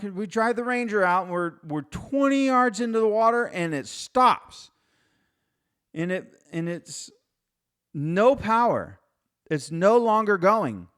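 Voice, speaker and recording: Middle-aged guy podcasting, smooth clear voice, rambly story with lots of restarts and dry little asides. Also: fairly high pitch, fairly bright tone. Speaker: podcast host. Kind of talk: casual storytelling monologue.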